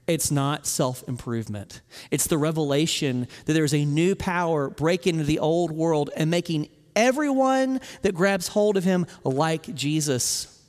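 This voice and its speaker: A man preaching a sermon as pastor, moving from hushed storytelling to loud exclamations. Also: fairly high pitch, long reverb tail.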